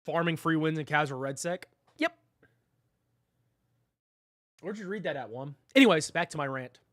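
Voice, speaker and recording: A man's voice: on the high side, normal speed, a bit bright, dry recording, studio quality. A man streaming a game live, ranting at his chat with mock drama and repeating himself. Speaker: gaming livestreamer.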